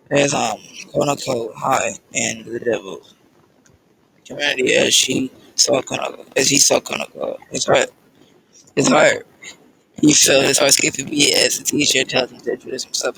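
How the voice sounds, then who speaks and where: Casual reader: a man, very gravelly, husky, reads a fan story haltingly. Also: mid-range voice, steady tone, sharp tone, low-quality recording. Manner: halting, with fillers and restarts. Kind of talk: casual fan-fiction reading.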